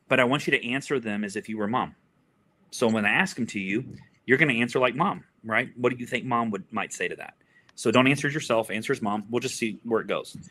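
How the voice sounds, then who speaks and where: A man's voice: mid-range voice, bright, forceful tone. A middle-aged man, a family therapist, telling an earnest story in an interview and often repeating words while he searches for them.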